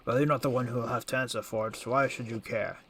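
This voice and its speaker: A man's voice: mid-range voice, steady tone, fast, a bit bright, slight background noise, natural voice. A man voicing a polite young artist guest at a monastery in a video game.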